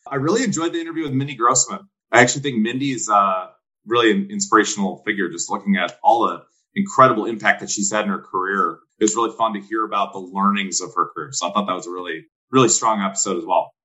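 A man's voice: fairly low pitch, fairly even intonation, fast, bright, forceful tone, poor audio. A middle-aged man talking casually and earnestly, often stopping to reflect. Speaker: guest. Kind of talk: casual chat.

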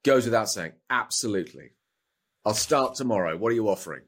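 In a lowish, expressive, slightly bright voice, a middle-aged British actor talks a little fast as a guest in a casual interview chat. He rambles along, frequently repeating words as he starts his thoughts over.

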